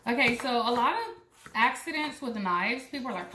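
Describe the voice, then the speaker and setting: A woman's voice: on the high side, expressive, fairly quick, echoey room, noisy background. A young woman from Puerto Rico, chatting and joking with viewers while she chops vegetables in her home kitchen. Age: young adult. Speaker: cooking vlogger. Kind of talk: casual cooking demo.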